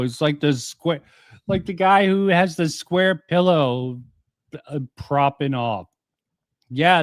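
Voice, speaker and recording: A man's voice: medium pitch, no echo, clean studio sound. A man giving casual, profane, rambling reaction commentary.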